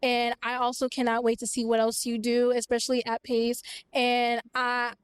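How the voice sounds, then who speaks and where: A woman with a clear, smooth, fairly high voice gives an emotional tribute into a handheld mic. Her pitch stays fairly even, and her words are sincere. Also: normal speed. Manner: heartfelt, emotional. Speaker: audience member giving a shout-out.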